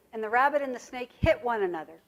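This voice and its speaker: A woman's voice: fairly high pitch, expressive, a little fast, vocal fry. A woman giving a conference presentation in a direct, folksy storytelling manner.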